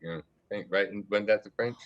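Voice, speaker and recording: A man's voice: on the low side, brisk, highs cut off. A man from the United States, a guest on a casual livestream chat, easygoing and laughing often. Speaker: guest, project founder.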